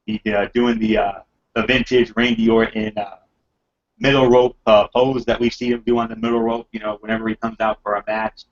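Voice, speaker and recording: A man's voice: on the low side, flat delivery, brisk. Rambling man recapping wrestling, muffled audio. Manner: rambling, filler-heavy, enthusiastic. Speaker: podcast host reviewing wrestling. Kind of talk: casual wrestling recap chat.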